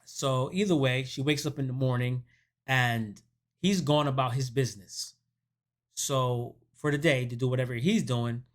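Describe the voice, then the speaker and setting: Speaking at normal speed with a medium-pitched voice, a movie review channel host walks through a horror film in a relaxed recap. He tells it with animation, voicing the characters' quoted lines himself.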